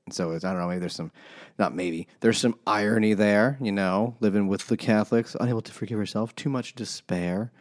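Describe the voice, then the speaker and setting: A man's voice: fairly low pitch, fairly quick. A man in a book club discussion, talking hesitantly and rambling with trailing thoughts. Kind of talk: casual chat.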